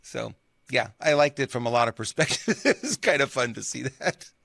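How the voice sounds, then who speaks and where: A man's voice: medium pitch, animated, moderate pace, gravelly, a bit bright, slightly rough, dry recording, studio quality. A man co-hosting a political talk show who chats casually, often agrees, and laughs as he acts out jokes. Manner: affirms a lot, laughs at his own jokes, acts out dialogue when reading.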